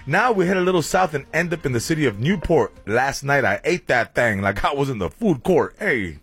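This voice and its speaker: A man's voice: medium pitch, animated, brisk, fairly bright tone, husky. A man hosting a radio show, doing a joking rhyming weather report and laughing between lines. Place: radio studio. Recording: music bed behind voice.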